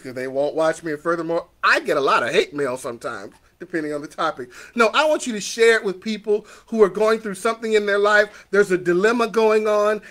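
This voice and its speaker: A man hosting a motivational pep talk show, leading call-and-response affirmations with energetic coaching and playful joking asides. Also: high voice.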